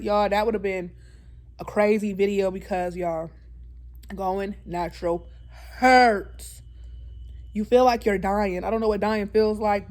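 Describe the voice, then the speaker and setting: A woman's voice: medium pitch, darkish tone. A woman telling a personal story to her viewers in a casual, earnest way, often slipping into emphatic preaching. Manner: earnest and talkative, often calls the viewers "y'all"; slips into preaching with emphatic repetition. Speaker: vlogger. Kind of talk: casual storytime chat to camera.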